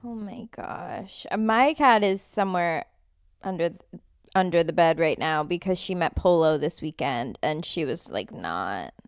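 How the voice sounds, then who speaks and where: A young woman co-hosting a podcast, chatting casually with giggly, quick reactions. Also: on the low side, lively intonation, clear, resonant tone, no echo, studio quality. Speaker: podcast co-host. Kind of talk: casual chat.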